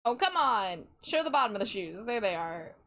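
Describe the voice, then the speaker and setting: A woman's voice: medium pitch, sing-song, moderate pace, sharp tone, slight background noise. A young woman with a Midwestern accent, chatting casually and playfully with her live chat as a streamer, laughing often. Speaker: livestreamer.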